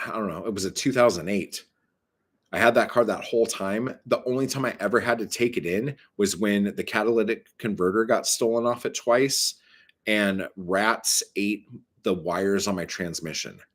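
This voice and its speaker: A man's voice: lowish voice, normal speed, a bit bright. A man on a casual live stream, rambling with many fillers and self-corrections, swearing a lot as he vents his frustration.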